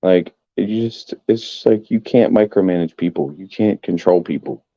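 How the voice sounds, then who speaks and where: A man's voice: low-pitched, moderate pace, lo-fi sound. A man, angrily ranting on a live stream as a sports fan and swearing often. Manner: angry, profane ranting.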